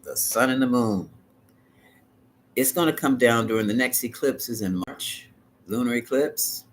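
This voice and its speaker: A man's voice: mid-range voice, a little slow, slight background noise. A man giving a live tarot reading in a dramatic, colloquial, sassy way, sometimes dropping into whispered asides. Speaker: tarot reader.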